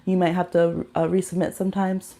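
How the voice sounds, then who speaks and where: Animated young woman livestreaming from her phone. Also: lowish voice, a little fast, vocal fry. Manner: animated storytelling, addresses viewers as y'all. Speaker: tarot reader hosting a livestream. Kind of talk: casual livestream chat.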